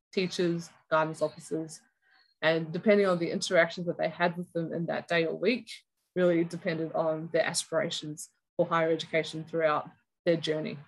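Woman presenter, fairly low voice, patient explanatory delivery. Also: rough recording. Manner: explanatory, walks through a cloak sample step by step. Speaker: educator presenter. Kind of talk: conference presentation.

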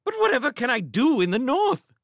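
Man voicing a timid one-eyed cook, storybook, anxious, nervous questions, higher voice, dry close sound. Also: wildly swooping pitch, moderate pace, fairly bright tone, dry recording, exaggerated voice. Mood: astonished. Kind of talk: storybook character voice.

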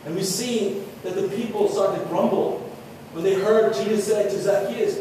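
A pastor delivers an earnest sermon, his voice sitting high for a man. He sounds set back from the microphone in a large, echoing hall. When he quotes scripture, he eases into softer tones. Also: moderate pace, hardly any pauses, noisy background. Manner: earnest preaching, drops to soft tones for quotes. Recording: echoey hall from far off.

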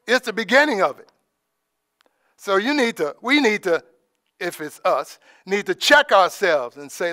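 A man giving an informal, conversational sermon as preacher, dropping in praise asides and trailing off softly. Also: high-pitched, clean tone, dry recording, clean studio sound. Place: church in Alaska.

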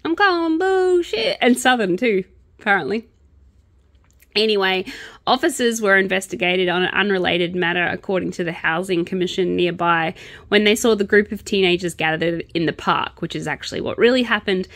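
A woman's voice: on the low side, steady tone, fairly quick, a bit bright, dry recording. Sarcastic chatty woman vlogger. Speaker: crochet and true crime vlogger. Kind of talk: casual chat while crocheting.

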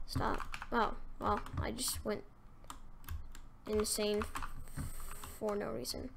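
Girl streamer making fun of herself while gaming, slow drawl, faint keyboard clicking behind. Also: fairly high pitch, vocal fry, noisy background. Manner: self-mocking, excitable, with loud gasps and yelps. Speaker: gaming commentator. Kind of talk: casual game commentary.

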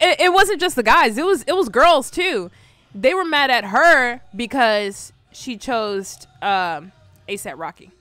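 A woman's voice: on the high side, pushed and bright, no echo. A woman host chatting casually as she reacts to memes, rambling in slang and laughing often. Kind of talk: casual meme-reaction chat.

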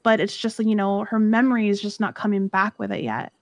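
A woman's voice: medium pitch, a little fast, no echo. A young woman talking in character during a roleplay stream, earnestly retelling an emotional story.

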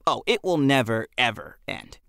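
A man voicing a chatty, goofy skinny teenage boy who talks in an excitable, showy way, in an audiobook. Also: medium pitch, creaky, smooth, dry recording, studio quality. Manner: excitable, showy, quick-witted. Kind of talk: audiobook character voice.

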